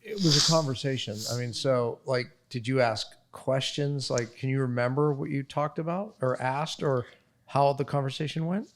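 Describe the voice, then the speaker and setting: Gently probing male interviewer. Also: medium pitch, normal speed. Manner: gently probing, asks follow-up questions in a loose way. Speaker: podcast host. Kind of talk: conversational interview.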